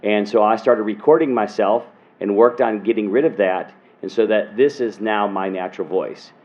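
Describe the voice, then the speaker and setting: Man from alabama, low voice, magician panelist, chatty storytelling, muffled audio. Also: normal speed, a little mellow. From Alabama, USA. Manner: conversational storyteller, repeats words when starting. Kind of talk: panel discussion anecdote. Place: convention panel room. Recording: dull convention panel audio.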